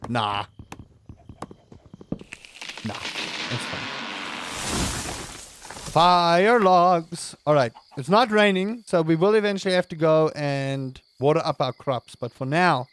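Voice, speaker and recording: A man's voice: fairly high pitch, animated, slow pace, long pauses, fairly bright tone, smooth. A man giving playful, chatty let's-play commentary with jokey wordplay. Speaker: gaming host.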